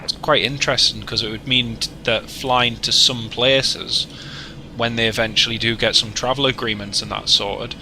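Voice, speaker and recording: A man's voice: mid-range voice, fairly even intonation, moderate pace, bright, forceful tone, slight background noise, poor audio. A man casually chatting while streaming a flight simulator, joking and greeting viewers by name. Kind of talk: casual livestream commentary.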